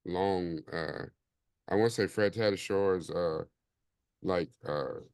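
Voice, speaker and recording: A man's voice: sits low, slow pace, vocal fry, darkish tone, clear, resonant tone, dry recording, studio quality. A man hosting a casual podcast chat in a laid-back, rambling way, with plenty of fillers. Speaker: podcast host.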